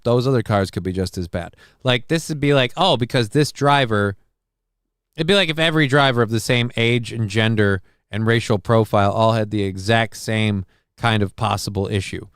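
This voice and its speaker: A man hosting a live call-in stream, reading out chat comments with dry deadpan humor, rambling and swearing casually. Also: mid-range voice, smooth, dry recording. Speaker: livestream host reading chat.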